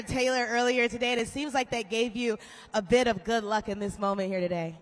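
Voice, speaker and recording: Woman interviewer, high and bright, encouraging, handheld mic in an indoor arena. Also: fairly even intonation, fairly quick. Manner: encouraging, upbeat questions. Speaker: trackside interviewer. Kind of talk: live interview.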